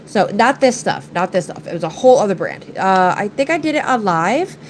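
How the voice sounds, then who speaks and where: A woman's voice: medium pitch, sing-song, fairly quick, a little hiss or hum, rough recording. A woman hosting a nail art live stream, talking in a chatty, rambling way through a stuffed-up, nasal voice. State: congested, nasal. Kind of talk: casual live-stream chat.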